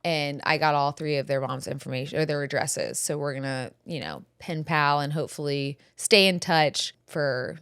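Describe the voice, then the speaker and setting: A woman's voice: low-pitched, moderate pace, hardly any pauses, fairly bright tone, clean tone, no room sound, studio quality. A woman in her thirties from California, hosting a podcast and telling stories in casual chat, swearing freely and acting out the people she quotes. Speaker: podcast host.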